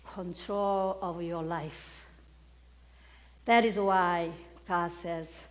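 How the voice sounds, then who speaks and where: A woman's voice: on the low side, steady tone, very slow, pauses often. A woman preaching a sermon, asking the congregation questions and stressing key words. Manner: questions the congregation, emphatic call-and-response.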